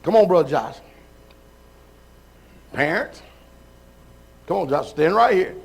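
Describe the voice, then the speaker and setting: A man's voice: a little high, animated, takes it slowly, vocal fry, husky. A man preaching as a pastor, calling members forward and asking the congregation whether they follow him. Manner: calls people up, checks in with the crowd. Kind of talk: live sermon.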